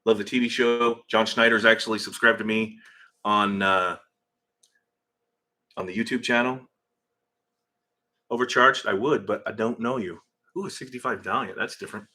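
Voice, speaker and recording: A man's voice: lowish voice, fairly even intonation, normal speed, pauses often, sharp tone. A middle-aged man hosting a casual livestream from his garage, rambling as he reads viewer comments aloud into a phone. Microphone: phone camera.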